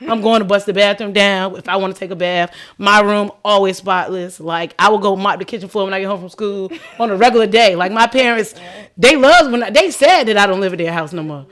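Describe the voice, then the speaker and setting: A woman speaks as a podcast guest in an easy, chatty way. Her voice sits at a middle pitch, and she tells her story with real animation. She often slips into the voices of the people in it, and "like" runs all through her speech. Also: a little fast. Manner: animated, acts out quoted dialogue, frequent "like". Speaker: podcast guest, cleaning business owner. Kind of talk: casual storytelling chat.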